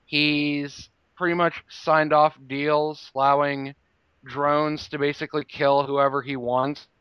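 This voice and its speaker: A man's voice: fairly high pitch, level tone, takes it slowly, clean tone, no room sound, dull audio. A man hosting a casual podcast, rambling with many fillers. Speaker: podcast host.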